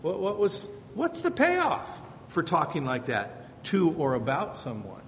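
A man's voice: wildly swooping pitch, unhurried, fairly bright tone. A middle-aged man giving an informal Bible-based parenting lesson, talking conversationally and repeating rhetorical questions. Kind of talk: informal teaching talk. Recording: reverberant hall with faint rumble.

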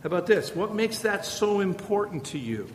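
At a moderate pace and with big swings in pitch, a middle-aged man gives a relaxed Bible-based parenting lesson. He talks like he's in conversation and repeats rhetorical questions; the room rings with reverb and carries a faint rumble.

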